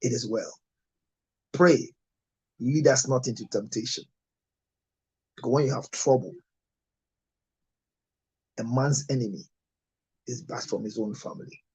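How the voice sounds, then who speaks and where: A Ghanaian man, a pastor and TV counselor, closing his show with blessings and slow, repeated product adverts. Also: mid-range voice, a little mellow, slightly rough, poor audio. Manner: preacherly, repeats phone numbers slowly.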